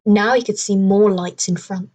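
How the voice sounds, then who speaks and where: Reading a children's adventure book for an audiobook, a woman keeps to calm, measured narration. She speaks at a normal middle pitch and an unvarying pace.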